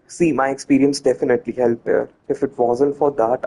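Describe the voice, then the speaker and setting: Guy talking through his gameplay, kinda husky low-key voice, chatty and restarts his sentences a lot. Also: fairly even intonation, moderate pace, hardly any pauses, dark tone, rough recording. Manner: chatty, self-correcting, talks to viewers. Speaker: gameplay commentator. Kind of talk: casual let's-play commentary.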